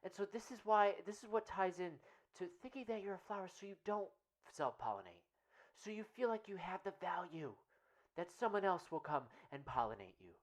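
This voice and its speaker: A woman's voice: on the low side, big pitch swings, fairly quick. A woman playing an earnest, rambling male radio host and self-help guru in a comedic parody monologue, who keeps asking "right?".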